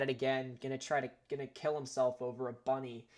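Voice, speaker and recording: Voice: mid-range voice, little pitch movement, fast talker, few pauses. Chatty gaming host reading results. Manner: chatty, laughing, easily sidetracked. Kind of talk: casual commentary over a simulator game.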